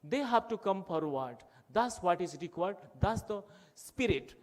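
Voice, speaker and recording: A man's voice: high-pitched, lively intonation, a little slow. Impassioned Indian man at a conference. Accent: Indian English, Odia. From Odisha, India. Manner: rhetorical, repetitive, emphatic. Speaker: conference speaker. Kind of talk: impassioned public speech.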